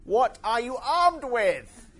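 A man's voice: high voice, a little slow, fairly bright tone, pitched above the performer's own voice. A man reading aloud and voicing a giant, boastful battle tank that roars in disbelief. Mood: roaring. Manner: roaring, incredulous.

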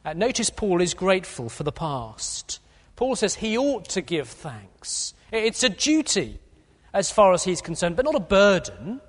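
A man's voice: sits high, huge pitch swings, a little slow. A man preaching an earnest expository sermon, with a few fillers. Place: church. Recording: long hall reverb.

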